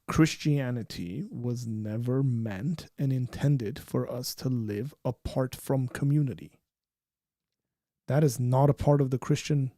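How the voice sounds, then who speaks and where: A man hosting a casual podcast, animated and quick to laugh, then turning earnest. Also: medium pitch, no room sound, clean studio sound. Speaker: podcast host. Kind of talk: casual chat.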